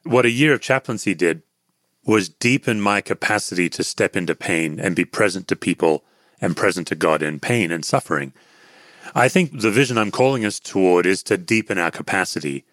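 A man's voice: low voice, expressive, normal speed, fairly bright tone, no room sound, studio quality. An Australian man, a podcast guest and author, answering interview questions in an earnest, reflective, pastoral way.

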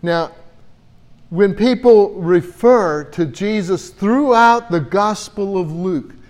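Slow, earnest male preacher. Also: high-pitched, a little mellow. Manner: earnest, repeats words as he gathers thoughts. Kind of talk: Bible-teaching sermon.

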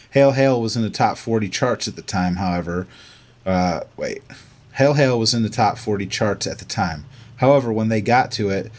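A man's voice: lowish voice, darkish tone. A man with an Australian accent, co-hosting a podcast and reading listener emails aloud, laughing often and stumbling over lines. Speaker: podcast co-host.

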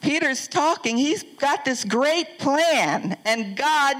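A woman's voice: high voice, expressive, slow, hardly any pauses, fairly bright tone, low-quality recording. An older woman pastor preaching a conversational sermon, asking the congregation questions as she goes.

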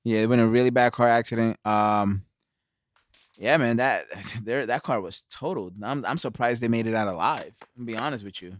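A man's voice: mid-range voice, normal speed. A young man on a casual podcast, laid-back and slangy as he brings up topics. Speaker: podcast co-host. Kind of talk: casual chat.

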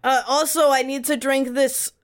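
A woman player in a casual tabletop game, excitable, joking and swearing. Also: high voice, moderate pace. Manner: excitable, laughing banter.

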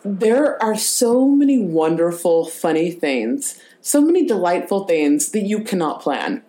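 A woman co-hosting a casual podcast chat laughs her way through a funny story, then turns reflective and draws a spiritual lesson from it. Her lowish voice is mellow and sing-song, moving a little slowly.

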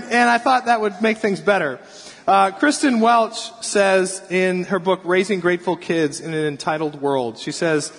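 A man in his thirties preaching a sermon as pastor, telling stories about his kids in an animated way. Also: sits high. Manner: storytelling, animated, acts out crying kids. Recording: long hall reverb.

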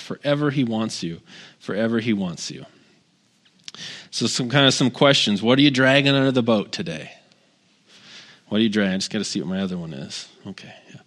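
A man's voice: mid-range voice, fairly bright tone. A man in his thirties, a guest pastor giving a conversational sermon in a church, earnest and repeating key phrases for emphasis while talking straight to the congregation. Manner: talks directly to the congregation with asides.

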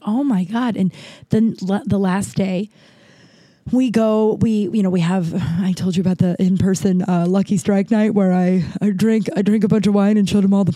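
A woman's voice: medium pitch, mellow, no echo. A woman comedian telling a candid personal story, speaking frankly and swearing freely.

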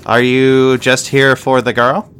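A man voicing a fussy, curt halfling apothecary in a brisk, clipped, slightly raised voice. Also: mid-range voice, monotone, fairly bright tone, smooth, faint music behind, voice pushed up.

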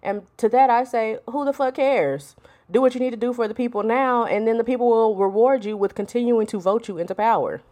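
A woman's voice: on the high side, steady tone, fast talker, few pauses, dark tone, muffled recording. A woman hosting a solo podcast, talking in a blunt, sassy, profane casual way. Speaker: podcast host. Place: home, with a storm outside.

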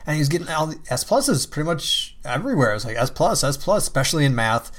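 A man's voice: a little high, big pitch swings, quick pace, a bit bright. A man chatting casually as a parent, laughing often and swearing easily. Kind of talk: casual chat.

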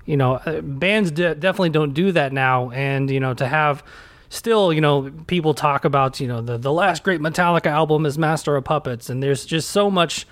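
A man's voice: fairly high pitch, normal speed, a bit bright, no room sound. A man hosting an interview, asking long rambling questions with lots of "you know.". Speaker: host. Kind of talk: podcast interview.

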